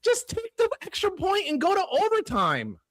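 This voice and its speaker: Animated ranting male sports podcaster. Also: very high voice, moderate pace, no room sound. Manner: animated, ranting, swears casually. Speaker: podcast co-host. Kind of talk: casual sports talk. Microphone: podcast studio mic.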